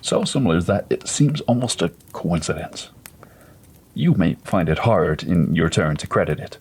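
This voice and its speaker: A man voicing a gentle, persuasive middle-aged male doctor in a read-aloud story, speaking in a calm, measured, coaxing way. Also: low-pitched, slight background noise.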